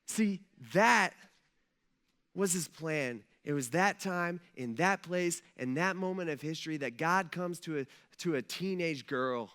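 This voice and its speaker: Bright-voiced, animated male pastor. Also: a little high, a little slow, smooth. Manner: conversational and animated, with many fillers. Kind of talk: sermon.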